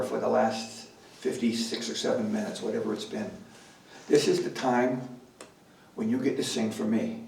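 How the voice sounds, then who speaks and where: A male folk musician with a medium-pitched, creaky voice jokes and chats between songs at a library concert, teasing the crowd. The indoor performance room sounds roomy, with a distant mic, guitar playing and a noisy background.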